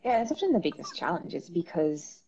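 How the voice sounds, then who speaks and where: A low-pitched woman talks frankly as a psychologist guest, repeating herself when she gets emphatic. Her voice comes through a dull, lo-fi video call line. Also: sing-song, a little fast, creaky, dark tone, a little hiss or hum. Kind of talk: casual interview chat.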